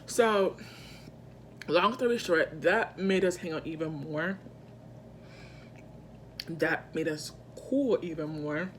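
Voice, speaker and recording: A woman vlogger telling a personal story in casual storytime style, animated and slangy, with emphatic asides to her viewers. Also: sits low, takes it slowly, long pauses, a little hiss or hum.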